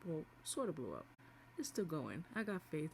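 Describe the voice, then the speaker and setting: Woman, vlogger, slightly low pitch, chatty, excitable, nervous energy. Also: moderate pace, creaky, a little hiss or hum. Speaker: beauty and fitness vlogger. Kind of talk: casual vlog diary.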